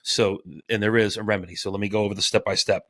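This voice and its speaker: A man co-hosting a casual podcast, reading aloud and riffing, animated, swearing and tripping over his words. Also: lowish voice, fast talker, dry recording. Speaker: podcast co-host.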